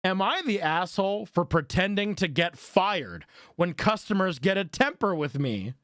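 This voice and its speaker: A man with a high voice hosts a stream, reading posts aloud. He swears freely and bursts into loud, animated reactions. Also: normal speed, no room sound, studio quality. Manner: profane, animated, laughs a lot. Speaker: streamer host.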